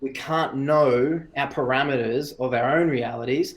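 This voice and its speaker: A man talking as a breathwork coach in a casual podcast interview, calm and explanatory, in short phrases. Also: medium pitch, normal speed.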